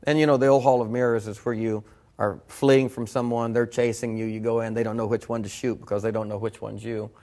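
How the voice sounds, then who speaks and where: A man's voice: mid-range voice, little pitch movement, fairly quick, a little mellow. A middle-aged man, earnestly telling his own story as a preacher in a reflective conversation. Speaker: guest preacher. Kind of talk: personal testimony in conversation.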